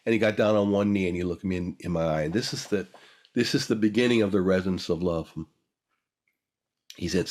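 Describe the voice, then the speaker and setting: A man's voice: lowish voice, fairly quick, a little mellow. An older man, a guest, telling a personal story in a reflective, emotional way, repeating phrases for emphasis.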